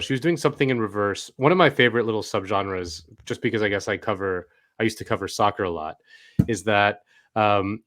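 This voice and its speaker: A man from Spain co-hosting a casual political chat podcast, explaining things in a rambling, conversational way full of asides. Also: on the low side. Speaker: podcast co-host.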